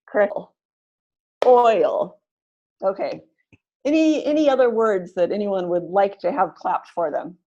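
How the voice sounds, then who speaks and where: Woman, webinar teacher, models words slowly, clapping out syllables, dull lo-fi computer audio. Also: medium pitch, expressive, mellow. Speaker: webinar facilitator and pronunciation teacher.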